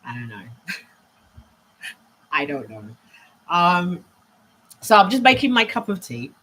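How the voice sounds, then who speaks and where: Background noise accompanies a woman with an English accent whose fairly low voice is sing-song and slow. A leadership trainer hosting a live Q&A, she moves around her home on a live stream, rambling chattily and thinking aloud.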